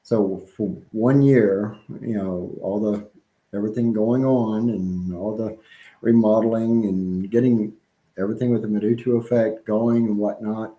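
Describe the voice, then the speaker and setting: A man with a slight Southern accent co-hosting a casual live-streamed chat, rambling and halting with many ums and restarts. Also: fairly low pitch, fairly even intonation, warm tone, roomy sound, poor audio.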